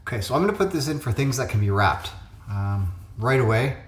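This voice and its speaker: A man's voice: medium pitch, animated, fairly quick, slight background noise. A man hosting a puzzle video, talking casually through his solves and thinking aloud with lots of ums and uhs. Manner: thinks aloud with frequent fillers. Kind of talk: casual solo commentary. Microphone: phone webcam. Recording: echoey home room.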